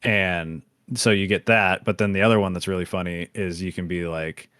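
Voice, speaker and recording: Deep-voiced man hosting a podcast. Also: fairly even intonation, moderate pace, fairly bright tone, clean tone, no room sound, clean studio sound. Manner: rambling, many fillers and restarts; laughs while retelling scenes. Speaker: podcast host. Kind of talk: casual chat.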